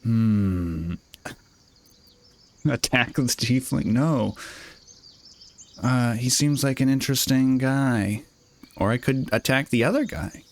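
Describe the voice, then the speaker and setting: A man's voice: medium pitch, slow, pauses often. A man giving joking, rambling let's-play commentary on a fantasy video game. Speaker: gaming video host. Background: game music.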